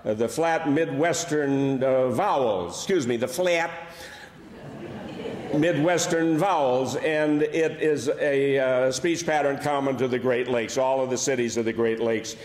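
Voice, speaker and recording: A man's voice: mid-range voice, measured pace, darkish tone. An older man with a Buffalo accent, a comedian telling wry stories with dry punchlines. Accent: Buffalo, New York. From Buffalo, New York. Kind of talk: humorous storytelling talk. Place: large church hall. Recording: echoey hall with long reverb.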